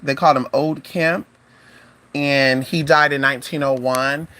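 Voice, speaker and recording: On a livestream, a spiritual advisor chats casually in an animated, profane style, calling viewers "honey" and "y'all" and breaking into sudden high exclamations. The pace is unhurried.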